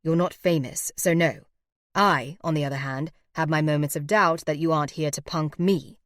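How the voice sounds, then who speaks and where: A woman reading as a detached British manager in a romance audiobook, speaking low and unhurried with a dry, clipped tone. The voice sits close to the mic with no room around it. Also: fairly even intonation, dry recording, natural voice. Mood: cool teasing. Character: cool, dry British male band manager.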